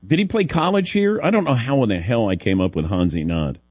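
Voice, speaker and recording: A man's voice: mid-range voice, fairly quick, a little mellow, breathy edge, no room sound. A man from the Midwest hosting a sports radio show, telling stories in a wry, self-deprecating way and chuckling between lines. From American Midwest. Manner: wry, self-deprecating storyteller who laughs often. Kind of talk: casual sports radio banter.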